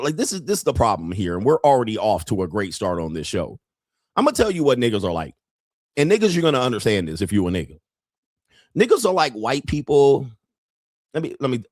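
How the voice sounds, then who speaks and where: Male host, mid-pitched, blunt and profane, casual rant commentary, dry close sound. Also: no echo. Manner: blunt, profane, repetitive, acts out quoted voices. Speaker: show host.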